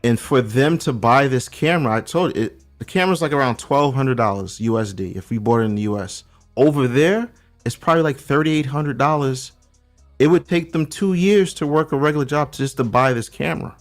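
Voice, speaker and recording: A man's voice: medium pitch, brisk. Man, New York accent, casual storyteller, slangy, acts out quotes, faint background music. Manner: animated storyteller, acts out quoted voices, loose slangy talk. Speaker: podcast guest. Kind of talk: casual chat. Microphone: remote call.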